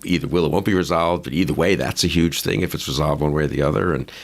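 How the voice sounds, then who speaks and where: Male interview host, very low and gravelly, rambling and musing in casual conversation. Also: quick pace. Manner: musing, rambling, with restarts and asides.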